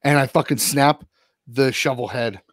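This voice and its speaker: Swearing constantly, this podcast co-host gives a lively retelling of a long story in a casual, profane style. His voice sits at medium pitch with a moderate pace, recorded in a clean studio with no echo.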